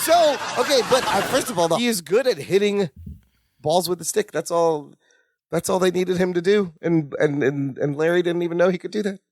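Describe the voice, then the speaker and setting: A man's voice: sits high, normal speed, no echo, clean studio sound. A man co-hosting a rewatch podcast in casual chat, retelling sitcom scenes with lots of laughter and acted-out lines. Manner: animated, laughs often, acts out scenes. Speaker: podcast co-host.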